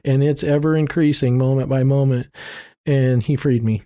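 A man's voice: medium pitch, steady tone, normal speed, dark tone. A middle-aged man telling his life story in a candid, heartfelt interview, rambling and restarting as he speaks with plain faith. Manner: earnest, rambling with restarts and self-quotes. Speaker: interview guest sharing his testimony.

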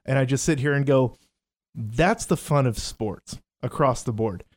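A man's voice: medium pitch, a little slow. A man chatting casually about baseball, musing about unlikely players who became stars and often falling back on a repeated pet phrase. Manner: musing, repeats "I just sit here and go". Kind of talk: casual sports chat.

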